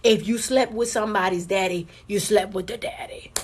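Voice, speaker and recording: A woman's voice: mid-range voice, normal speed, husky. A woman doing a casual live stream card reading for viewers, with a sore throat and a held-back cough. She talks bluntly with lots of swearing and repeats her points for emphasis.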